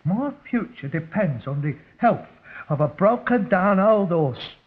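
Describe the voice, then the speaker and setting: A man's voice: sits high, lively intonation, measured pace. An actor playing a frustrated, self-pitying young rag-and-bone man, sardonic and theatrical. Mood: morbid sarcastic. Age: young adult. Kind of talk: 1960s television sitcom acting. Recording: dull lo-fi 1960s TV sound.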